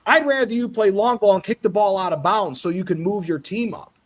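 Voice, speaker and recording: Animated, high-voiced football show host. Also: male voice, a little fast. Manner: animated, swearing, quotes others in acted voices. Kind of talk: casual football chat.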